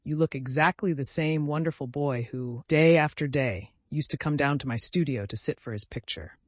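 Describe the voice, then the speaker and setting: A man's voice: a little high, normal speed, no room sound, lightly acted. A man reading the part of a grave older male painter, earnest and pleading, in a dry recording. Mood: pained.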